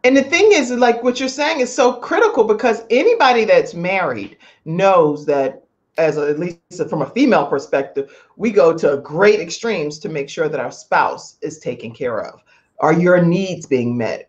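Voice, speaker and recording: A woman hosting an interview with an animated, expressive delivery. Her pitch rises and falls freely as she asks long, layered questions. The recording sounds dull and lo-fi. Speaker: talk show host. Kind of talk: interviewing a guest.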